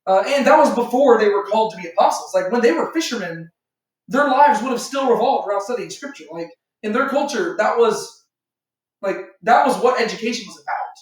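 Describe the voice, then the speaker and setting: This male speaker's voice sits high and sounds expressive, moving at a fairly quick clip. He teaches the Bible casually to a small group, wandering off track, using lots of fillers and performing imagined voices. The audio is echoey, with the mic placed at a distance.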